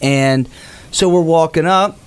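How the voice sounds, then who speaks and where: A man's voice: on the high side, slow pace, smooth. A man with the flu, sucking a cough drop, telling a rambling anecdote on a podcast as a reporter, slipping in quoted asides. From Florida Gulf Coast. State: sick with flu. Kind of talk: casual podcast storytelling.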